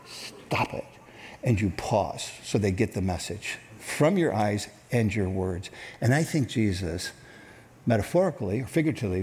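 A middle-aged man preaching a sermon in a church, conversational and animated, dropping to hushed tones for emphasis. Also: on the high side. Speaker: pastor.

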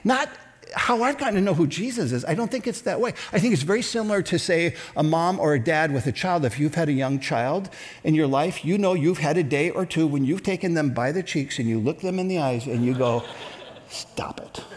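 A middle-aged man preaching a sermon in a church, conversational and animated, dropping to hushed tones for emphasis. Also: on the high side, a little fast. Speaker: pastor.

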